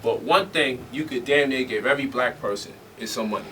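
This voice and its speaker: A man telling stories to a live audience in an animated, joking way, laughing often. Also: mid-range voice, a little fast. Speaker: speaker. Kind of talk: storytelling lecture. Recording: distant mic with faint noise.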